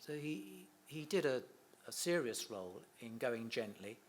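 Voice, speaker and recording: A man's voice: mid-range voice, big pitch swings, unhurried. A middle-aged man shares stories about his father in a chatty interview. He laughs often and acts out the quotes as he goes. A faint noise sits under the recording. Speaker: interviewee, son of a comedian. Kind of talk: anecdotal interview chat.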